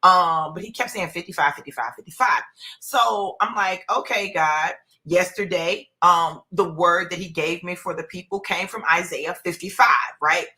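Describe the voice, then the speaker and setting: A woman's voice: lowish voice, moderate pace, bright, forceful tone. A woman in her fifties giving a heartfelt personal testimony on a live stream, talking in a conversational, preacher-like way with many fillers. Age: 50s. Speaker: minister.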